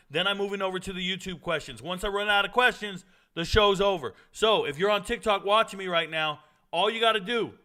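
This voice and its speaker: A man hosting a live-streamed sports talk show, animated and repeating his points for emphasis. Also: fairly high pitch.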